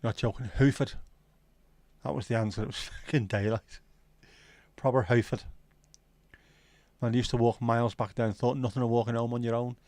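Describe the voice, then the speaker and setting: A man's voice: mid-range voice, fairly even intonation, normal speed, pauses often, a little mellow, no room sound. A middle-aged man with a South Liverpool Scouse accent, chatting casually on a livestream and telling rambling, sweary stories. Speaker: livestream host.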